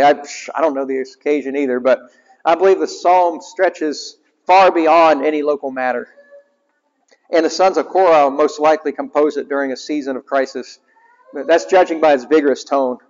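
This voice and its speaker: A male chaplain preaching a sermon in a conversational way and asking the congregation questions. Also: a little high. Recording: muffled, echoing hall.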